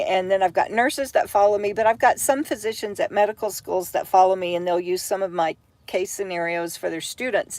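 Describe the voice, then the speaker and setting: A tired, brain-foggy woman, chatting on a home livestream from bed, halting and full of fillers and restarts as she reads viewer comments. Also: medium pitch, no room sound. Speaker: vlogger hosting a livestream. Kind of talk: rambling livestream chat.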